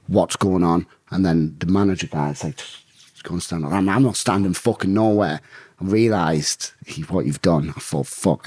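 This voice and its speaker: A man's voice: low-pitched, darkish tone, husky, dry recording, clean studio sound. A man telling a blunt, rambling story full of swearing in a casual interview. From England. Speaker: guest, bare-knuckle fighter.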